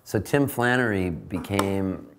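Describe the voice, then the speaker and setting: A man, a singer-songwriter, telling a rambling, animated backstage story in a casual interview. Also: low voice, takes it slowly, noisy background. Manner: rambling, animated anecdote with laughs. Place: backstage at a tavern venue.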